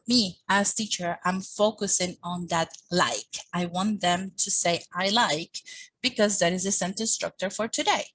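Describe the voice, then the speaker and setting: A woman giving a teacher training talk, speaking with lively, expressive intonation and acting out little quoted exchanges. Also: fairly low pitch, a little slow, low-quality recording. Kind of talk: teaching workshop presentation.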